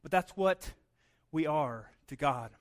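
Man, 30s, pastor, sermon, conversational, high-pitched. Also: animated, takes it slowly. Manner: conversational, frequent "right?" asides and repeated words.

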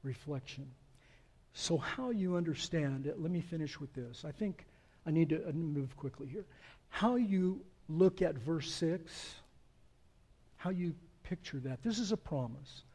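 A man's voice: on the high side, animated, a little slow, dark tone. A man preaching a sermon as pastor, earnest and building to emphatic swells.

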